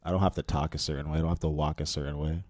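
A young Canadian man co-hosting a casual podcast, animated and ranting, swearing often. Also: rumbling low, racing, dry recording, clean studio sound. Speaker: podcast co-host.

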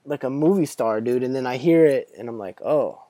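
A man's voice: mid-range voice, brisk, dark tone, no echo. Chatty self-mocking man, dry close sound. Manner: chatty and self-deprecating, laughs often. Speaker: documentary subject and guest. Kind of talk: casual chat.

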